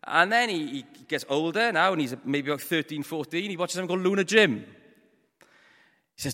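A Welsh man giving a storytelling sermon, moving between hushed, quiet passages and loud, forceful ones. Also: fairly high pitch, animated, brisk, in a large hall. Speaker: preacher. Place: church.

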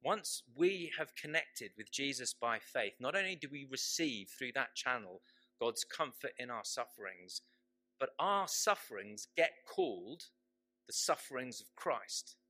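Male preacher, bright clear tone, unhurried sermon with emphatic repeats. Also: medium pitch, very animated. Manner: slow, emphatic, repeats key phrases.

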